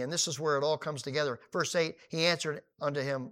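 A man preaching a sermon, animated, retelling a story and acting out the people in it. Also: on the high side, fast talker, hardly any pauses. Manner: animated, acting out quoted dialogue.

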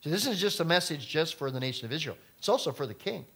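A middle-aged man preaching a sermon as pastor, talking casually to the congregation and turning suddenly loud for emphasis. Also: fairly high pitch, animated, fast, breathy edge.

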